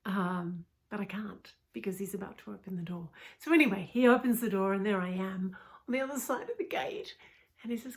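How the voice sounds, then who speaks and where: A woman's voice: medium pitch, a little fast. A woman in middle age tells a personal story with a coach's openness. Her voice sits in an ordinary middle range, and she often sinks into an intimate whisper. Casual "you know" asides run through her telling.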